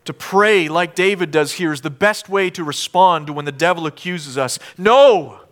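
Preaching as a pastor, this man speaks at a moderate pace with a fairly high pitch, his emphatic delivery alternating between booming declarations and softer, hushed passages.

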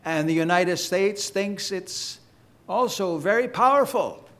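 A man preaching a sermon to his congregation, with an emphatic, deliberate cadence. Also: expressive, a bit bright. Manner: emphatic, slow preaching cadence with sweeping pitch. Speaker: pastor.

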